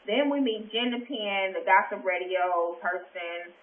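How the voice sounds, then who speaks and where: A woman's voice: medium pitch, measured pace, slight background noise. Brief: outspoken woman recapping reality TV, gossipy and profane, echoey room on a phone-like mic. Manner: blunt, gossipy, swears freely. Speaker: TV recap vlogger. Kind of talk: casual episode recap. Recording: echoey, tinny phone-like sound.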